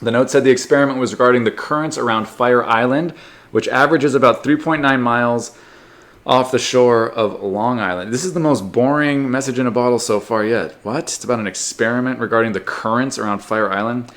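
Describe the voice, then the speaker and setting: A man hosting a comedy podcast, reading odd news stories aloud and riffing on them with sarcastic jokes and quick silly voices. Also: medium pitch, a bit bright. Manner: sarcastic, reads headlines then riffs with silly put-on voices. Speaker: podcast host.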